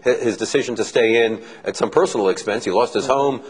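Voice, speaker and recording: A middle-aged man with a Southern US accent, a professor answering interview questions in a measured, analytical way. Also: medium pitch, husky, rough recording. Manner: measured, analytical, explains with numbers. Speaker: political science professor.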